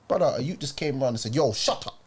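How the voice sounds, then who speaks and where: A man's voice: mid-range voice, fast, husky. A young man, chatting on a podcast, telling stories with lots of street slang and swearing. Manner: animated storytelling, heavy street slang and swearing. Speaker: podcast co-host. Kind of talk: casual chat.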